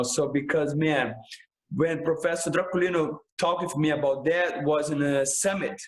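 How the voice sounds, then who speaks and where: A man's voice: on the high side, steady tone, normal speed, reverberant, poor audio. A man, a jiu-jitsu instructor talking passionately in a casual podcast interview, filling his speech with "man" and "bro".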